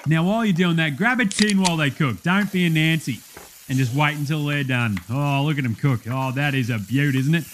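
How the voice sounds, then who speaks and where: A man's voice: on the high side, a little fast, background noise, lightly acted. A man with an Australian accent voicing a brash, blokey male TV cook who jokes and laughs with his studio audience. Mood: boisterous. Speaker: podcast host in a comedy bit.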